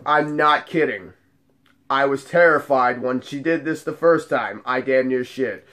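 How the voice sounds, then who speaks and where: A man who works as a nightclub bouncer, telling funny bar stories in a casual, profane, animated way. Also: fairly high pitch, a little slow. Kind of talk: casual storytelling vlog.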